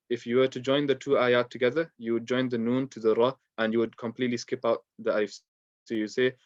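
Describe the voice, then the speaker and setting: Male teacher, mid-pitched, patient and unhurried, dry close room, slightly muffled. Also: no echo. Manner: patient, explains step by step with many fillers. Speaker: Quran tajweed teacher. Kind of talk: online lesson.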